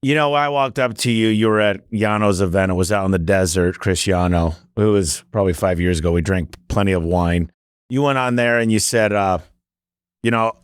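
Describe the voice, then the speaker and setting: A man's voice: lowish voice, fairly quick, clear, resonant tone, dry recording, studio quality. A man hosting a podcast interview, telling an anecdote in a conversational way. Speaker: podcast host. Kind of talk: casual interview talk.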